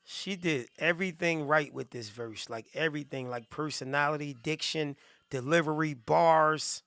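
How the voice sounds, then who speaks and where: A man's voice: on the high side, moderate pace, a bit bright, dry recording. A man hosting a live music review stream, reacting with hyped, joking commentary and talking straight to his chat. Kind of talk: casual livestream commentary.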